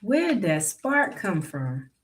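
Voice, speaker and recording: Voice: mid-range voice, big pitch swings, takes it slowly, a little hiss or hum. A narrator voicing a fretful old male landowner who asks alarmed questions in a raised voice. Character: anxious old male plantation master, growing panicked.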